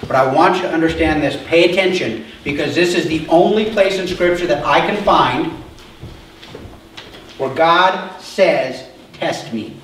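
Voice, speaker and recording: A man's voice: a little high, moderate pace, few pauses, fairly bright tone, a little hiss or hum. A male pastor giving a conversational sermon and often checking in with the congregation. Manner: conversational preaching, asks the congregation questions. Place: church. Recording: echoey church hall from far off.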